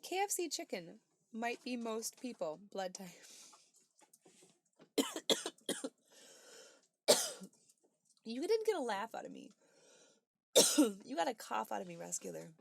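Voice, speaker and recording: A woman hosting a livestream in a casual chat, reading chat messages aloud and replying with bright exclamations and soft asides. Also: medium pitch, big pitch swings, slow, creaky, pauses often, a little hiss or hum.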